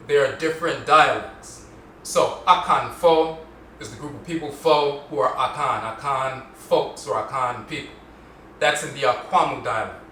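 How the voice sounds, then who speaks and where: Bright-voiced man lecturing in an echoey room. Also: medium pitch, a little hiss or hum. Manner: explanatory, slowly repeats terms to show pronunciation. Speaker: podcast host. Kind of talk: solo podcast lecture. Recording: roomy echo, mic at a distance.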